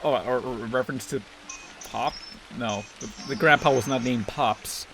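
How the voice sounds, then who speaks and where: A man's voice: mid-range voice, normal speed, gravelly, a bit bright, soft background music. A young man giving crude, sarcastic, constantly swearing commentary while playing a video game. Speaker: let's play host. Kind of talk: profane gameplay commentary.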